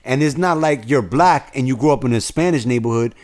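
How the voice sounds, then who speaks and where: A man's voice: medium pitch, fairly quick, darkish tone. A man from the North Bronx with a Bronx accent, co-hosting a casual podcast, telling profane stories and joking around. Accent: Bronx New York. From North Bronx, New York. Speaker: podcast co-host.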